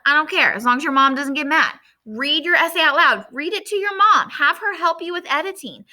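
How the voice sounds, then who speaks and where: A woman's voice: high-pitched, bright, forceful tone. A woman teacher giving a lesson to young children at home, reading her own essay and thinking aloud in a friendly way.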